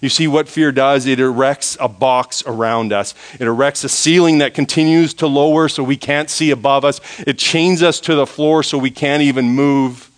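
A man preaching a sermon, swinging between soft, quiet passages and loud, high, forceful ones. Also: steady tone, moderate pace, hardly any pauses. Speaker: pastor.

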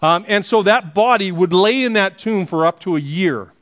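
A man's voice: high voice, moderate pace, fairly bright tone. A middle-aged male pastor preaching a sermon in a casual, joking, conversational way to his congregation.

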